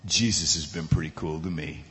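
A man doing a huge, slow-spoken gentle giant. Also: extremely low pitch, fairly even intonation, long reverb tail, voice pushed down. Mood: calm.

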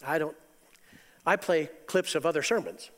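Middle-aged male preacher, high-voiced, animated, loud bursts and soft asides, long hall reverb. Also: normal speed. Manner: animated, swings from loud exclamations to quiet asides, chuckles. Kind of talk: sermon.

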